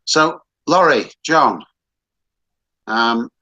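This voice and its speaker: A man's voice: mid-range voice, expressive, extremely slow, pushed and bright, highs cut off, a little hiss or hum. A man hosting a casual online talk show, chatty and rambling, with frequent restarts. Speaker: host.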